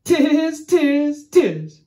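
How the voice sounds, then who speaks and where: A woman doing squeaky chattering monkeys. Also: big pitch swings, drawn-out words, dark tone, full character voice. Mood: teasing. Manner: squeaky, sing-song chattering. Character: cheeky mimicking tree monkeys. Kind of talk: storybook read-aloud.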